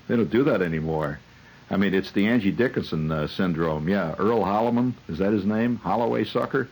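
Low husky man telling rambling jokes. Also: expressive, a little fast, poor audio. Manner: digressive, wry, full of hesitations. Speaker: radio host. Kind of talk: rambling comic monologue.

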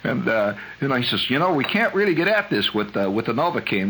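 Man, radio host, rambling storyteller, very animated pitch, chuckles a lot. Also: fast, hardly any pauses, slight background noise, low-quality recording. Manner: digressive storyteller, chuckles often, voice climbs high when excited.

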